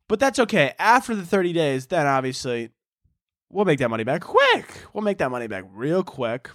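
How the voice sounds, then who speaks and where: Going it alone on his podcast, this man rambles casually, swears plenty and mocks himself, his pitch swooping wildly from a slightly high base. He keeps a moderate pace and a fairly bright tone. The studio-quality recording has no echo.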